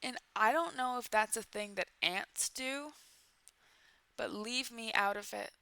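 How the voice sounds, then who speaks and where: A woman's voice: on the high side, a little slow, creaky, bright, forceful tone, dry recording. A woman in her twenties hosting a casual comedy commentary about a bad movie, full of sarcastic, playful asides. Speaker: YouTube commentary host.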